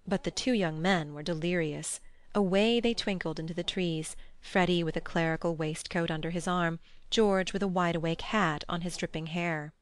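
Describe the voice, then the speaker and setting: A woman with a fairly low voice narrates a classic audiobook in a measured, even reading. She is close to the microphone. The recording is completely dry, with no room sound. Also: smooth, dry recording. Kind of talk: scripted narration.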